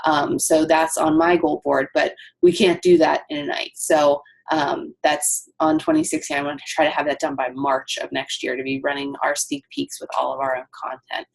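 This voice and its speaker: A woman's voice: low voice, lively intonation, normal speed, gravelly, hardly any pauses, slightly rough. A woman coaching her team on a casual call, chatty with lots of ums and asides.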